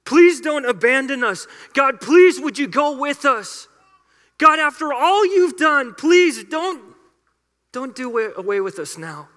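A man's voice: very high-pitched, measured pace, bright, forceful tone, in a large hall, full character voice. A man voicing a humble, desperate prophet who begs and pleads urgently. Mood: begging. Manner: begging, urgent.

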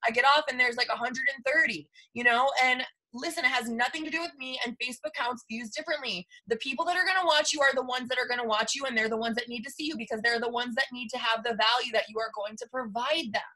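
A woman's voice: a little high, quick pace, few pauses, bright, forceful tone. A woman in her thirties talking to her team in a live video, emphatic and repetitive, often saying "you guys.". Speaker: team leader. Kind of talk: motivational live stream.

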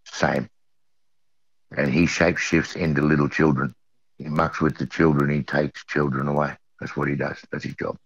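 Very deep-voiced Australian man telling a story. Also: little pitch movement, normal speed, creaky, no room sound. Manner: earnest storyteller who repeats phrases for emphasis. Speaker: eyewitness. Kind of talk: recounting a personal story. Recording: dull lo-fi audio.

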